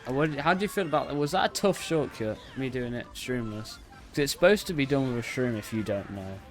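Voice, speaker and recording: A man with a mid-range voice live-streams a racing game, talking to viewers in an animated, fairly quick, rambling way and cutting himself off often. He bursts into loud, repeated "no, no" as he plays, with soft music in the background.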